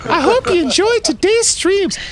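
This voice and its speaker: A man faking a high, flirty lady voice. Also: animated, a loud crowd. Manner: high-pitched, drawn-out mock-feminine falsetto.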